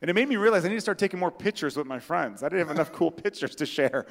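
A man's voice: a little high, expressive, racing, vocal fry. A man hosting a comedy podcast in casual chat, joking wryly and swearing freely about himself. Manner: wry, profane, self-mocking jokes. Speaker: podcast host. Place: room with friends present. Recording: long hall reverb.

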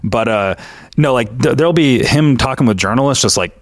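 A male podcast host in a casual political discussion, relaxed and quick to laugh. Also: medium pitch, no echo, studio quality.

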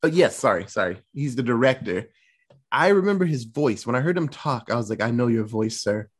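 A man co-hosting a podcast, reviewing a movie in casual chat, excitable and rambling, swearing freely. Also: mid-range voice, a little fast. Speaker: podcast co-host.

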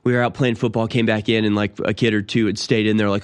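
A man's voice: on the low side, level tone, fast talker, smooth. Indignant, mocking man around thirty. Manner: indignant, mocking, laughs between remarks. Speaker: show host. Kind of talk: opinion commentary monologue.

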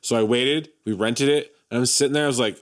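A man's voice: medium pitch, quick pace. A man co-hosting a podcast, swearing freely while telling stories in casual chat. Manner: swears freely, recounts memories with excitement.

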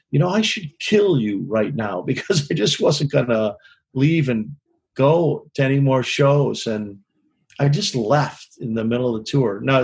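In a casual interview, a man who works as a touring concert lighting director tells frank, rambling stories, swearing freely and often asking "you know what I mean?" His mid-range voice has a darkish tone and a breathy edge.

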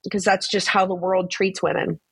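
A young woman guest telling stories in a casual podcast chat, blunt and animated, swearing freely and saying "like" constantly. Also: medium pitch, a little fast, husky, no echo. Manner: chatty, swears freely, fills talk with "like". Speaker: guest, social media influencer.

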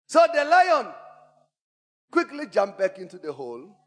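A man preaching a sermon as pastor, an animated storyteller who swings from hushed asides to shouts and calls on the congregation. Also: high voice, a little slow. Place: church auditorium. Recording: church hall reverb.

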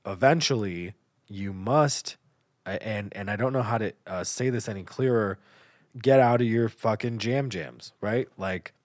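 A man's voice: on the low side, darkish tone, no echo, clean studio sound. Rambling, cursing podcast host man. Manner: rambling and profane, many filler sounds. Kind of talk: casual monologue.

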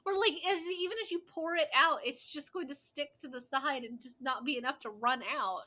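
A woman's voice: high-pitched, a little fast, sharp tone. A woman chatting casually while watching a movie, playful and laughing often. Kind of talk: casual watch-along chat.

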